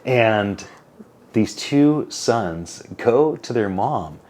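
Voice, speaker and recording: A man's voice: fairly low pitch, extremely slow, slight background noise. A man in his forties, a company CEO being interviewed, telling stories with animation and acting out quotes. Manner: animated storyteller, acts out quotes, many "like" and "right?" tags. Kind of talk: casual interview storytelling.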